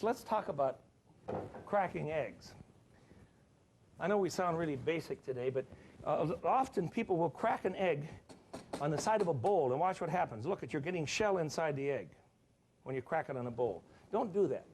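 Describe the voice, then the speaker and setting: A man's voice: fairly high pitch, a little mellow, a little hiss or hum. Chatty man cooking in a studio kitchen. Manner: chatty, enthusiastic, jokey asides. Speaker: cooking show host. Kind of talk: cooking demonstration.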